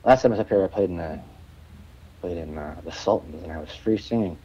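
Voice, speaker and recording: A man's voice: sits low, fast, dark tone, slightly rough, lo-fi sound. A man guest telling rambling stories in a casual interview, stammering, restarting and swearing freely. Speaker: musician guest.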